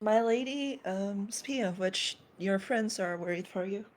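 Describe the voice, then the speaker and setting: A woman's voice: medium pitch, measured pace, natural voice. A woman voicing a polite, formal young man adventurer in a tabletop game. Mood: courteous. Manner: courteous, formal phrasing. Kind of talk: tabletop role-play voicing.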